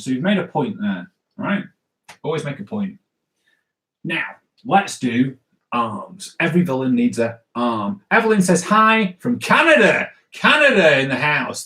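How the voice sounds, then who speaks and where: Upbeat man, fairly high voice, running a live kids' drawing lesson in an echoey room. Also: sharp tone. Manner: upbeat, chatty, keeps checking "all right?". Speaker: comics drawing teacher. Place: indoors at home. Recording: roomy echo.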